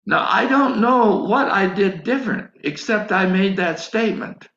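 A man's voice: high-pitched, animated, a little slow, fairly bright tone. A man preaching a sermon, telling a personal story and acting out his own prayers. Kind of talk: sermon testimony. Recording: echoey, dull lo-fi sound.

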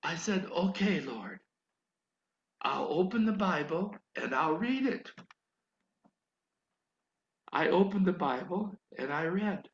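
An older man preaches a sermon in a high, gravelly voice. He tells his story in an animated way and builds to emphatic pleading. The recording is dull and echoes around a hall. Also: takes it slowly, long pauses.

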